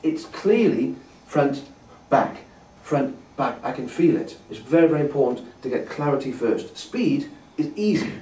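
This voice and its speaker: A man's voice: medium pitch, expressive, moderate pace, few pauses, warm tone. A man teaching a brass masterclass, patiently explaining and demonstrating tonguing syllables. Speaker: brass instructor. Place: festival hall. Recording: echoey hall from a distance.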